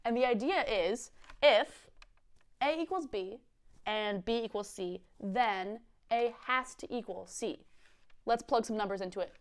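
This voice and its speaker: A young woman with a slightly high voice teaches a Bible lesson on video. She is chatty and bubbly, and she giggles easily as she talks to the viewers. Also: a little slow.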